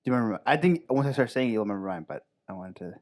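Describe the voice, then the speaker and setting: A man's voice: medium pitch, expressive, rapid-fire, darkish tone. A man co-hosting a podcast in casual chat, stammering a little and asking follow-up questions. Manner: stammering, questioning listener who asks follow-ups. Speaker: podcast co-host.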